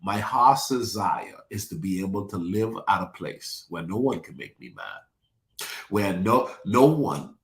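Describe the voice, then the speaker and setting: A man's voice: fairly low pitch, lively intonation, a little slow, echoey room. A male pastor, preaching a sermon and calling out to congregation members by name. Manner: preachy call-and-response, addresses congregation by name. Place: church sanctuary.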